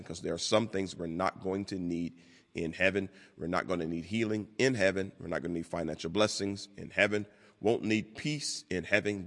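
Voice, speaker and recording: Deep-voiced preacher in a reverberant hall. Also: male voice, a bit bright. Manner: deliberate, repeats key words for emphasis. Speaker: pastor. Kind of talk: sermon.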